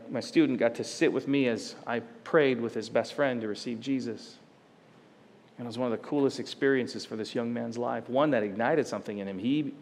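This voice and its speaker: A man's voice: mid-range voice, big-room sound. A male pastor preaching a sermon in a church, conversational and storytelling, slipping into acted quotes. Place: church sanctuary.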